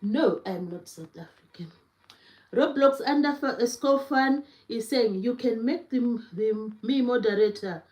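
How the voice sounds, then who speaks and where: A woman's voice: a little high, slow, darkish tone. A woman hosting a casual livestream, greeting chat viewers by name at an easy pace. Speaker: cooking livestream host. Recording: echoey room.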